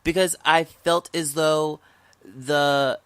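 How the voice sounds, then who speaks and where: A man's voice: a little high, steady tone, slow, fairly bright tone, clean tone, no room sound. A man from the United States hosting a podcast, talking politics in a casual, impassioned way and repeating words when worked up. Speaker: podcast host.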